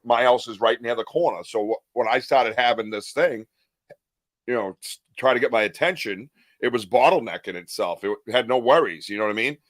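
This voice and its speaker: A man hosting a casual chat podcast, animated and laughing often as he acts out other people's lines. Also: mid-range voice, fairly quick, no echo, studio quality. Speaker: podcast host.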